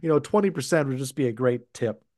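A man from the United States co-hosting a casual podcast, wry and quick with asides, laughing often. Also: medium pitch, expressive, darkish tone, no room sound, studio quality. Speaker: podcast co-host who edits episodes.

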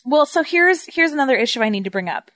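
A woman co-hosting a casual film discussion who talks in a wry, measured way. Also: high voice, big pitch swings, a bit bright. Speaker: podcast co-host.

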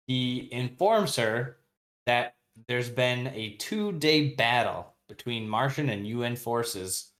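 This podcast co-host walks through book scenes casually, dropping into characters' voices briefly, and his speech is slangy with many fillers and restarts. He has a mid-range, slightly bright voice with lively intonation and a slow pace.

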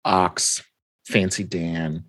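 A man's voice: deep voice, flat delivery, drawn-out words, a bit bright, no echo. A man in casual chat, animatedly retelling a story and quoting its characters, laughing often. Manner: quotes characters in his own voice, laughs often. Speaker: podcast co-host recapping a story.

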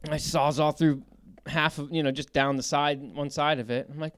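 A man in a casual chat as a podcast guest, telling animated, rambling stories. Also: on the high side, normal speed, clear, resonant tone, no room sound, studio quality.

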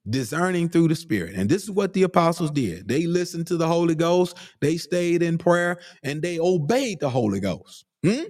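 A man preaching with real fervor, his fairly high voice swinging widely as he stretches out key words. He keeps breaking into "glory be to God" and asking "hmm?" of his listeners. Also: sing-song, a little mellow. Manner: rising to fervent emphasis, drawn-out words. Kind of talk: sermon.

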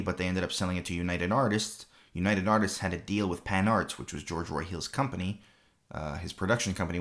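A man's voice: deep voice, a bit bright. A man hosting a film review show, talking casually and rambling, with many fillers and repeated phrases.

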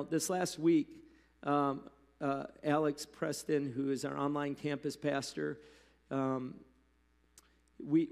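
Gravelly-voiced man preaching in a hall. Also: on the high side. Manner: conversational, animated preaching with asides. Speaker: pastor. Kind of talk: sermon. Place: church hall. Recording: long hall reverb.

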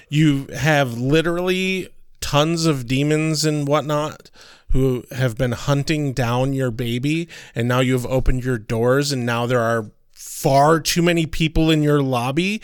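A man's voice: medium pitch, clear, resonant tone, dry recording, clean studio sound. A man co-hosting a podcast, recapping an episode in a rambling, casual way with some swearing. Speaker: podcast co-host.

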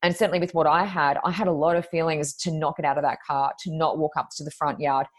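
A woman's voice: deep voice, fairly even intonation, quick pace. A woman, a medium guesting on a podcast, telling stories in a chatty, rambling way full of ums and likes. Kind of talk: conversational storytelling.

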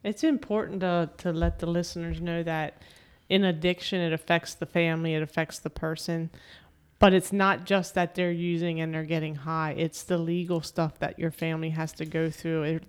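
A middle-aged woman hosting a podcast, talking in a steady, sincere, plain-spoken way. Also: on the low side, normal speed, clean tone. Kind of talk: casual conversation.

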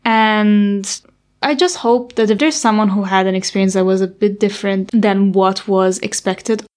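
A young woman tells a personal story straight to the camera. She talks openly and candidly, sometimes with an anxious edge as she recalls old worries. Her pitch sits in a middle range. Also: steady tone, normal speed, a little mellow. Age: young adult.

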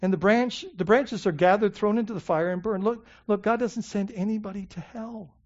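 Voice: medium pitch, normal speed, muffled recording. A pastor preaching a sermon, emphatic, often repeating words and checking in with the congregation.

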